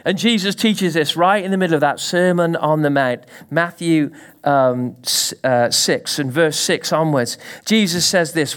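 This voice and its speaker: A man preaching a sermon to a congregation, animated and full of sudden rises and drops, often asking the listeners questions. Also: fairly high pitch, a little slow, smooth. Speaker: pastor.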